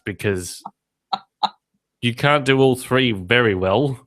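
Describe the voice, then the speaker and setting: A man's voice: medium pitch, takes it slowly, fairly bright tone. A man with an Australian accent hosting a podcast, joking and ranting in casual chat. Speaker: podcast host.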